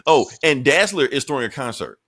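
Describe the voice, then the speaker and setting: A man's voice: medium pitch, expressive, fairly bright tone, dry recording. Laid-back man recapping comics. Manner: laid-back, profane, recaps comics with quick put-on quotes. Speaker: podcast co-host. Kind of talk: casual comic book chat.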